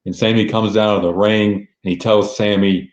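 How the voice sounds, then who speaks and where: A man hosting a podcast, recapping events in an excited, casual way and quoting what people said. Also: on the low side, moderate pace. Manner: excited, recounting events with quoted lines. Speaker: podcast host. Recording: roomy, dull lo-fi sound.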